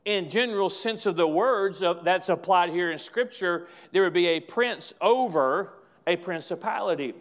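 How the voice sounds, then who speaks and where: A pastor preaching a sermon in a church, with emphatic, repetitive phrasing and slow stressed lines. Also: male voice, high-pitched, a bit bright.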